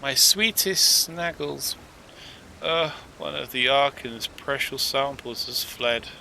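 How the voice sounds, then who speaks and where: A man's voice: mid-range voice, takes it slowly, gravelly, bright, forceful tone, a little hiss or hum, pitched above the performer's own voice, full character voice. A man doing a flustered fretful archivist. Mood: worried. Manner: flustered, apologetic, stammering. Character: fretful male archivist seeking a lost specimen.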